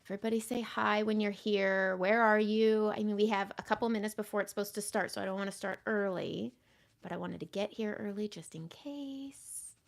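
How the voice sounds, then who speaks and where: Woman makeup host, casual live chat, gravelly tone, mutters asides to herself. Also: mid-range voice, fairly even intonation, brisk. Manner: chatty, greets viewers, drifts into soft muttered asides. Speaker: makeup artist hosting a livestream.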